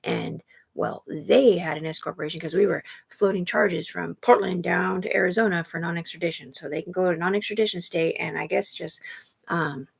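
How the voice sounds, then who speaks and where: Husky rambling woman livestreamer. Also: fairly low pitch. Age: adult. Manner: rambling, jumps between topics, talks to chat. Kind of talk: rambling live-stream monologue.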